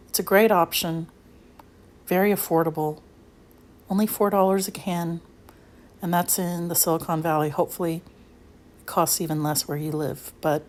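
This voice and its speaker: A woman's voice: lowish voice, darkish tone, a little hiss or hum. A woman talking casually over a home recipe video, chatty and self-deprecating, with little asides. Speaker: home cook vlogger.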